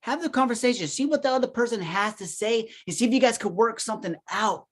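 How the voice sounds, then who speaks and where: A man's voice: very high voice, fast talker. A man co-hosting a podcast, telling a personal story reflectively in casual chat. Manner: reflective, keeps asking "right?". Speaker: podcast co-host.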